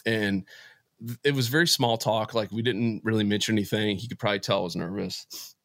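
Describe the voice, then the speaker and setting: A man telling a personal faith story as an interview guest, emotional and halting, often restarting his sentences. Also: on the low side, steady tone, fairly bright tone, no room sound, studio quality. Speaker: podcast guest. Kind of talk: personal faith testimony in conversation.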